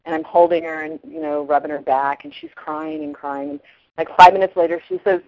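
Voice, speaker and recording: A woman's voice: low-pitched, brisk, no echo, narrow, tinny audio. A middle-aged woman giving parenting advice in casual talk, acting out the lines of parents and kids as she tells stories. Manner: animated storyteller acting out quotes. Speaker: parenting expert guest.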